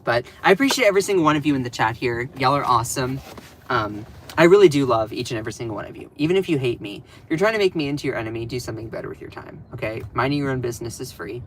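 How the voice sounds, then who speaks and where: A man's voice: mid-range voice, racing, a little hiss or hum. A man hosting a political livestream, chatting casually and sarcastically with his viewers and answering the chat. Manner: sarcastic, animated, talks back to chat.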